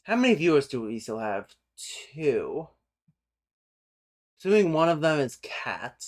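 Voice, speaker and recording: This livestreamer's voice is a little high with big swings in pitch as he casually explains language topics, thinking aloud. He often pauses and restarts, and sometimes yells suddenly for his cat.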